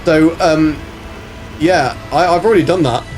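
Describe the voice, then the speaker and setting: This man's voice is on the high side and a little slow, with faint music playing behind him. Commentating a game live, he keeps up a casual chat with viewers, naming them in greetings and cursing freely.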